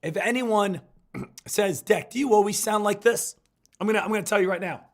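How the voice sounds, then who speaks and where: A hoarse man, getting over an illness, giving hyped, repetitive live market commentary as a stock trading streamer. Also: sits high, a little fast.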